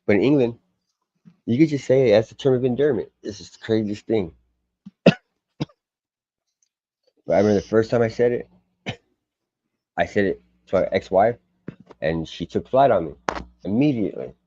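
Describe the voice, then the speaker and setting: A man's voice: lowish voice, lively intonation, normal speed, pauses often, mellow, slightly rough, lo-fi sound. An older American man in a rambling, profane casual chat on a live stream, often stopping and restarting. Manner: rambling, profane, self-interrupting.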